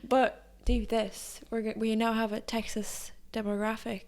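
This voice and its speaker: Teasing woman with a higher voice. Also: little pitch movement, unhurried, darkish tone. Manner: teasing, laughs often. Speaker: podcast co-host. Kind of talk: casual chat.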